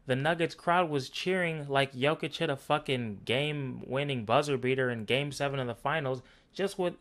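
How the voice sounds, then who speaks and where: A man's voice: medium pitch, moderate pace, a bit bright. A man ranting through a basketball game analysis, blunt, profane and sarcastic. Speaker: basketball commentary vlogger.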